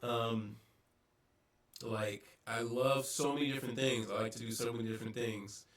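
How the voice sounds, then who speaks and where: A man vlogging a casual, reflective monologue, pausing often with ums and restarts, recorded on a distant mic with poor audio. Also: medium pitch, fairly even intonation. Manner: halting, many ums and restarts.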